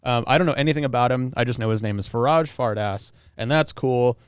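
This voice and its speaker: A man's voice: medium pitch, fairly quick, clear, resonant tone, no room sound, clean studio sound. A young man co-hosting a podcast, chatting casually and joking, often laughing and restarting his sentences. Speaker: podcast co-host. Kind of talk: casual chat.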